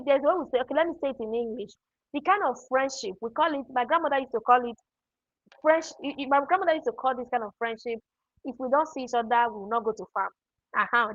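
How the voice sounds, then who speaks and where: A woman's voice: high-pitched, a bit bright, no echo, lo-fi sound. A woman hosting a live online productivity class, telling stories and answering participants' chat comments by name. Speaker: webinar host and productivity coach. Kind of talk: live online teaching session.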